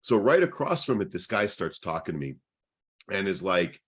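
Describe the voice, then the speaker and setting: A man with a low, grounded voice tells a rambling story on a casual podcast. He jumps into other people's lines as he goes, keeping it loose and chatty. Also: very animated, moderate pace, slightly rough. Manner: long anecdote full of acted-out quoted dialogue. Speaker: podcast co-host.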